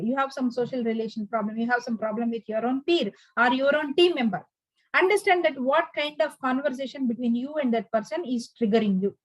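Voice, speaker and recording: A woman's voice: on the high side, dry recording, low-quality recording. A woman giving an earnest advice lecture, full of fillers and restarts. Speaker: instructor.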